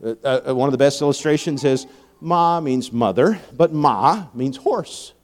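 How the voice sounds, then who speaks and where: A young man preaching a sermon, telling stories with frequent laughs and building to loud, emphatic peaks. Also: medium pitch, animated, normal speed. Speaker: pastor.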